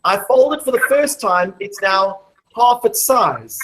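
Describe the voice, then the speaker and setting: A woman's voice: mid-range voice, lively intonation, measured pace, a bit bright, low-quality recording. A woman presenting a live maths show to a classroom of children, explaining step by step and quizzing the class as she goes.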